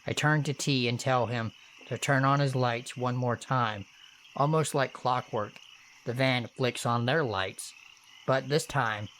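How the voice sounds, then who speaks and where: A man narrating true horror stories in first person, with steady, earnest delivery and casual swearing. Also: medium pitch, a little hiss or hum.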